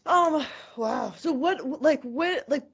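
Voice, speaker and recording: A woman interviewing a guest over a video call, asking halting questions full of fillers. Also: sits high, animated, gravelly, muffled recording. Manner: hesitant, lots of "like" fillers.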